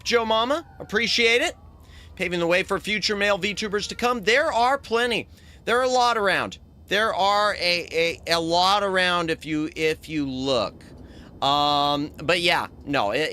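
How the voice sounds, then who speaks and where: Brief: bright, slightly high male VTuber, casual game commentary, chatty. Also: slight background noise. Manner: chatty, thinks aloud, thanks chat often. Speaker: VTuber streamer.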